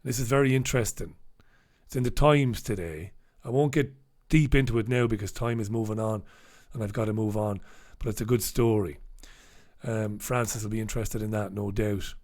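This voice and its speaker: A man's voice: on the low side, normal speed, darkish tone. Male host, casual sardonic commentary on the day's papers, salty language, reads comments on air. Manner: sardonic, swears freely; reads out viewer comments and headlines. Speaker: host reviewing newspapers.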